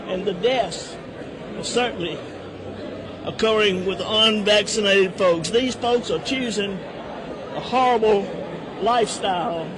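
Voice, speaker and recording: Brief: man, high voice, speaking at a public event with crowd noise clearly behind. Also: measured pace, long pauses. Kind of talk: public speech clip.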